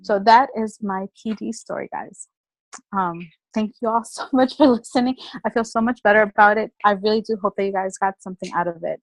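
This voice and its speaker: A woman giving a personal motivational talk in an energetic, chatty storytelling manner. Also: medium pitch, a little fast, no room sound, rough recording. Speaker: motivational speaker.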